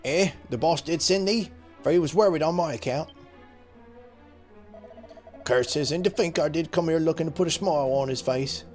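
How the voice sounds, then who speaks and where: A man's voice: a little high, normal speed, long pauses, faint music behind, pitched above the performer's own voice, lightly acted. A man putting on a bumbling British thief. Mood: contrite. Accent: put-on British. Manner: mock-archaic, rambling. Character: bumbling, apologetic male thief.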